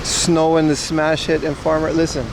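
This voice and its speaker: A man's voice: on the high side, monotone, normal speed, background noise. A man in his thirties hosting a casual livestream outdoors on city streets, rambling and answering viewer chat while biking. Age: 30s. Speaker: livestream host.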